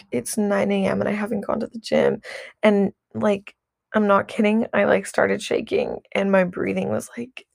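A woman's voice: mid-range voice, gravelly, darkish tone, no room sound, clean studio sound. A young woman vlogger chatting casually about her routine, rambling with lots of "like" and restarts, candid and swearing. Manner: rambling, heavy use of "like", frequent restarts.

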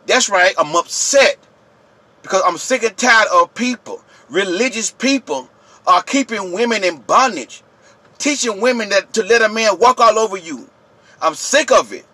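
A man rants to his viewers, preachy and repetitive. He yells in a high, bright voice. The recording is dry and close. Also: expressive, moderate pace, no room sound. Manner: yelling, preachy, repetitive, addresses viewers directly. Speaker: channel host. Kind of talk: impassioned vlog rant.

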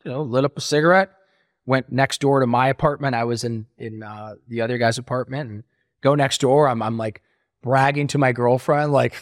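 A man's voice: medium pitch, steady tone, moderate pace, dry recording, clean studio sound. A middle-aged man telling his story as an interview guest, acting out quoted voices as he talks.

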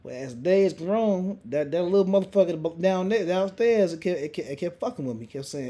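A young man hosting a casual podcast, telling a story in a profane, animated way with lots of restarts. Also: sits high, a little fast, hardly any pauses. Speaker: podcast host. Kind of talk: casual chat.

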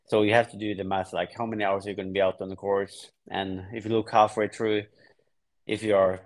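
Relaxed man from Norway, low voice. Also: fairly quick. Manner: relaxed, explains plainly with frequent restarts. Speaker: guest triathlete. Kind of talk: casual podcast interview.

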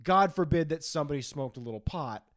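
A man's voice: on the high side, animated, fast. A young man co-hosting a podcast, telling stories in casual chat, swearing a lot and mocking people in put-on voices. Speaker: podcast co-host.

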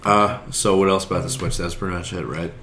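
A very deep-voiced man riffing through casual podcast talk with crude, offhand banter. His voice carries a roomy echo and a faint ambient hum behind it, as if recorded outdoors. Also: fairly even intonation, quick pace, a bit bright. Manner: loose, profane banter. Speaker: podcast co-host. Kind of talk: casual chat. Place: outdoors on a summer day.

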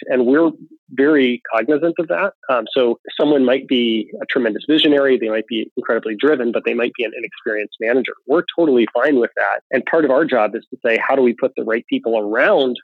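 A man answers interview questions in a measured, analytical way, pausing on fillers as he works through ideas. His voice comes through a thin, phone-like line with no room sound. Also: medium pitch, creaky, no echo. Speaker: venture capital investor. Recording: tinny phone-like line, dry.

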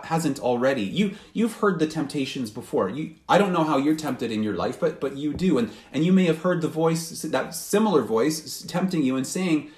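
A man preaching a sermon as pastor, earnest and questioning, often restarting his sentences. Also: a little high. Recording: roomy hall.

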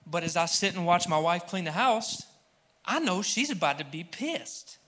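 Bright-voiced young man preaching. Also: high-pitched, very animated, normal speed. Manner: humorous, conversational, addresses the crowd directly. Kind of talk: sermon to a live congregation. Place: church hall with audience.

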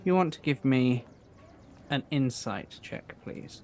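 A man's voice: mid-range voice, slow pace, a little mellow, a little hiss or hum. A man narrating an improvised tabletop game as dungeon master, describing scenes hesitantly with many fillers.

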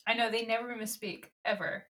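A woman's voice: fairly high pitch, steady tone, brisk, bright, forceful tone. A woman co-hosting a podcast, adding dry, wry remarks in casual chat. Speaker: podcast co-host.

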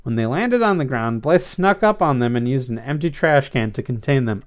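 A man narrating a story aloud in an expressive, lively way. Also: mid-range voice, normal speed, few pauses. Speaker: story reader.

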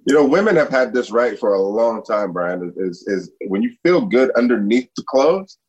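A man co-hosting a podcast who chats in a relaxed, agreeable way during an ad. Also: medium pitch, normal speed, slightly rough, dull audio. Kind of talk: casual ad banter.

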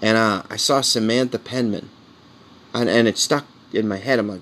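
A man in his forties with a lowish voice, rambling candidly in a casual comedian's monologue. He keeps slipping in "man" and "you know" and turns earnest and heartfelt. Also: moderate pace, a bit bright, a little hiss or hum. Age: 40s. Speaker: comedian podcast host.

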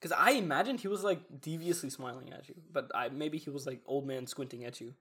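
Husky-voiced man chatting casually. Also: mid-range voice, a little fast, a bit bright. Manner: curious, asks follow-up questions. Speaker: podcast co-host. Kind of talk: casual chat.

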